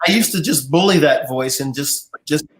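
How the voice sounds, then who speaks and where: A man hosts a live interview show in a jovial, teasing manner. His speaking voice sits fairly high for a man. He keeps the talk lively and playful. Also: normal speed. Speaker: host.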